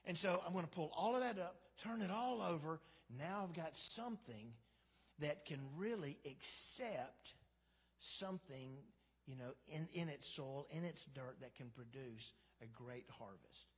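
Husky male pastor preaching in a reverberant hall. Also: on the high side, lively intonation, a little slow. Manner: conversational and humorous, acts out quotes. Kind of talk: sermon. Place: church sanctuary.

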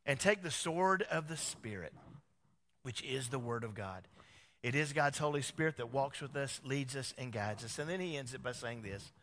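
A male pastor preaching a sermon, animated, with many rhetorical questions to the congregation. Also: medium pitch, normal speed. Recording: long hall reverb.

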